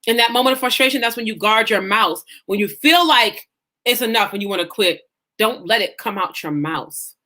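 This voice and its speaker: A faith-based life coach with a fairly high pitch and sharp tone speaks at normal speed. Teaching her group, she's passionate, emphatic and preacherly, acting out self-talk in quotes.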